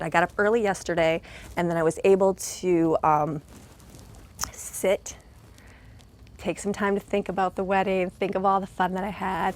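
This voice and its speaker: A middle-aged woman chatting straight to camera in a casual vlog, her voice sitting at an ordinary pitch for a woman. She rambles warmly and earnestly, restarting her sentences as her feelings spill over. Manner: rambling, emotional, earnest, with restarts and religious gratitude. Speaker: vlogger and mother.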